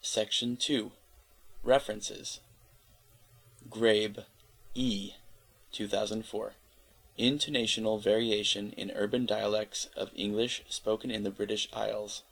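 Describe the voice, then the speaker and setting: A man reading an encyclopedia article aloud in a steady, careful way, spelling out letters where needed. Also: lowish voice, a little slow, vocal fry, long pauses, rough recording. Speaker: volunteer reader of an encyclopedia article. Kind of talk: read-aloud article narration.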